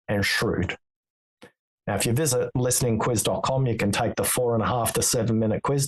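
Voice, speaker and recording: A man being interviewed as a guest, speaking in a measured, explanatory way and telling stories with quoted dialogue. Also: mid-range voice, low-quality recording. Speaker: podcast guest, author on listening. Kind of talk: interview conversation.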